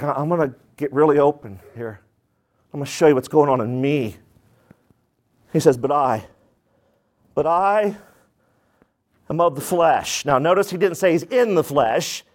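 A man preaching a sermon as pastor, animated, asking the congregation rhetorical questions and acting out quoted voices. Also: sits high.

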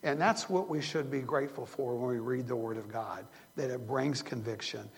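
A man's voice: medium pitch, normal speed, creaky, big-room sound. An older man preaching a sermon as a pastor, earnest and rambling, often restarting his sentences. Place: church sanctuary.

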